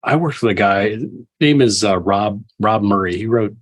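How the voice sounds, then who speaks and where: A man's voice: lowish voice, moderate pace. A man hosting a podcast, asking questions in a conversational way with hesitant repeats. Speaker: podcast host. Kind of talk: interview questions.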